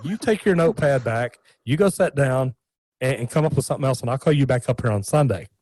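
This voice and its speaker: A man's voice: medium pitch, animated, quick pace, darkish tone, no room sound, close to an everyday voice. A man impersonating a blunt, brash elderly male business coach, cussing and emphatic.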